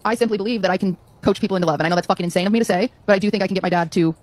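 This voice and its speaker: A woman's voice: medium pitch, rapid-fire, darkish tone. A woman streamer talking to her chat, insistent and repeating herself as she defends her view. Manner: insistent, repetitive.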